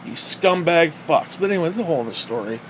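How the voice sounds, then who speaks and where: A man's voice: on the high side, expressive, fast. A man ranting in a crude, sarcastic and heated way to his viewers, swearing often, with a faint air-conditioner hum behind him. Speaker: vlogger. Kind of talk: profane ranting commentary.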